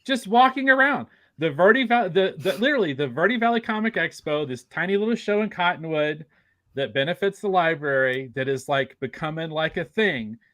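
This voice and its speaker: A man hosting a podcast, gushing with excitement and stumbling over his words in casual chat. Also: on the high side, normal speed, no echo. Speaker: podcast host.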